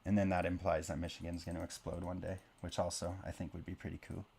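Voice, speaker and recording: A man's voice: low-pitched, flat delivery, fast talker, gravelly, a little mellow, slightly rough. A man born in Canada and raised in Oklahoma, chatting casually and joking at his own expense while he draws a map. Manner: rambling, self-deprecating, jokey asides. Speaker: map-drawing video creator. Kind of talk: casual commentary while drawing.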